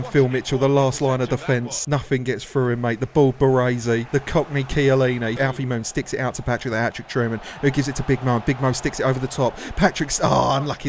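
A man giving comedic, excitable commentary over a football video game, shouting players' names with crude jokes. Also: mid-range voice, a little hiss or hum. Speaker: gaming YouTuber and commentator.

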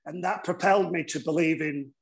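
Northern English man, middle-aged, a touch high-voiced, animated storyteller, swears freely. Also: fairly quick, gravelly. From northern England. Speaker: guest, former rugby league player. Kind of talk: casual interview storytelling.

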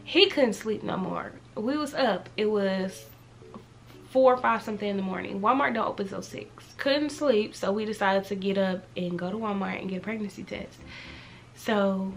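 A woman's voice: mid-range voice, normal speed, creaky. A woman in her twenties telling a personal story in a casual, chatty way, full of "like" and repeats. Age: 20s. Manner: animated, chatty, heavy use of "like". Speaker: vlogger.

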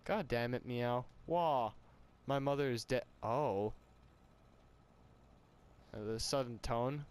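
A man's voice: medium pitch, slow pace, pauses often, a little mellow, clear, resonant tone. A young man playing a game and reading its dialogue aloud with casual, sweary commentary, on a glitchy home mic. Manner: casual, swearing, laughing, putting on voices for the game's characters. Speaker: let's player.

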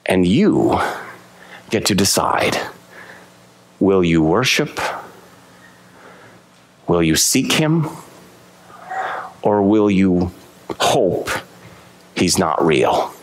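A man preaching a sermon as pastor in a church, lively and emphatic, slowing down to stress key words. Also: slight background noise. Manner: animated preaching with sweeping pitch, slowing for emphasis. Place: church sanctuary.

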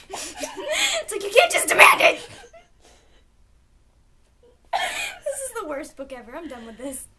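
Very high-pitched giggly young woman. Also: huge pitch swings, takes it slowly, pauses often, background noise. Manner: giggly, exasperated, laughs often. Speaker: vlogger. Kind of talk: casual chat between friends.

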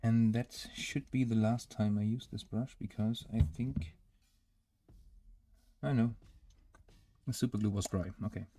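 German man, native German speaker with a German accent, lowish voice, relaxed hesitant hobby-stream chat. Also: measured pace, pauses often. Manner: hesitant, many filler sounds. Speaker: miniature painting streamer. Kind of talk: casual chat while painting.

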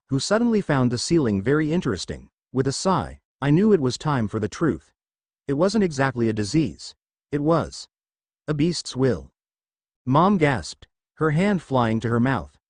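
A man's voice: mid-range voice, dry recording. A man reading a fan fiction story aloud in an audiobook style, giving the characters small voice shifts.

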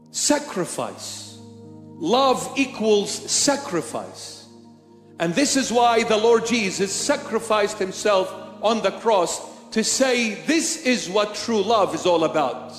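A man's voice: high-pitched, expressive, slow. A man preaching a sermon as a bishop in a church, emphatic and repetitive in his rhetoric. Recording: echoey church hall with faint music.

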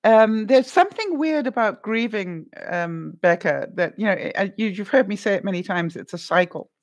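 A middle-aged woman hosts a casual live stream, chatting straight to her viewers. She talks warmly and easily, stumbling over repeated words and laughing now and then, and she gives gentle, comforting advice. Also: medium pitch, animated, normal speed. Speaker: vlogger answering live chat.

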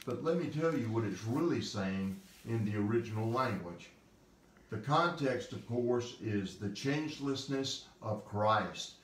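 A man's voice: mid-range voice, distant mic. Man preaching a sermon, hits the repeated words hard, sounds a bit off mic in a roomy space. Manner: emphatic, stresses repeated phrases and slows on key words. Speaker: pastor. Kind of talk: devotional sermon teaching from scripture.

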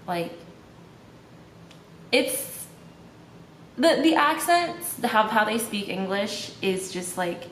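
A young woman from Malaysia talks straight to camera in a loose, chatty vlog. Her sentences are peppered with "like". Her voice sits at a middling pitch in an echoey room with a faint hum of ambience behind her. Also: animated, slow, pauses often, fairly bright tone. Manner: chatty, heavy use of "like" fillers. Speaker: vlogger. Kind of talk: casual vlog chat.

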